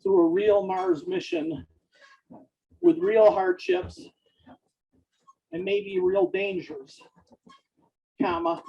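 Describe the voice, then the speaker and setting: A man dictating fiction aloud, speaking each punctuation mark in a slow, deliberate way. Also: high-pitched, big pitch swings, vocal fry, dull audio. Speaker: author dictating a novel.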